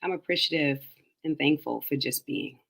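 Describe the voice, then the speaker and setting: A woman on a talk show panel speaking thoughtfully, pausing on fillers as she gathers her words. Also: sits low, creaky, fairly bright tone. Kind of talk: heartfelt casual chat.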